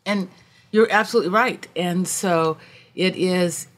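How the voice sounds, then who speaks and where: A woman's voice: lowish voice, unhurried. A woman hosting a casual conversation, animatedly telling stories and acting out the people in them. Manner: animated storyteller, acts out quotes.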